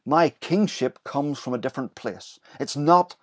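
A man's voice: medium pitch, a little slow. Man preaching a sermon. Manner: explanatory, lively retelling with voiced quotes.

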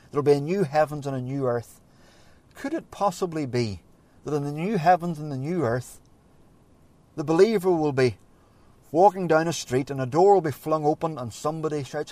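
A man preaching a sermon, earnest and measured, leaning on pauses and rising to emphatic moments. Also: a little high, darkish tone, no room sound.

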